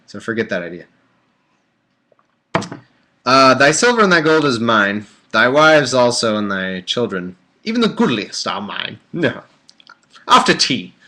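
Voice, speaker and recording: A man's voice: fairly low pitch, pushed and bright. A man hosting a live stream, reading scripture aloud and breaking off into rambling, jokey asides. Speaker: livestream host. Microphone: computer microphone on a live stream.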